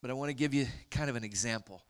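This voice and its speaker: A man preaching a sermon, telling a story in an earnest, soft-spoken way that sinks to a near whisper at tender moments. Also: medium pitch, very fast, smooth. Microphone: handheld mic, later set aside to talk loud off-mic.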